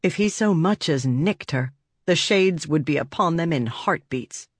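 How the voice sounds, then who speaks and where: A man narrating a fantasy audiobook in a steady, measured storytelling voice. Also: fairly high pitch, breathy edge, no room sound, studio quality.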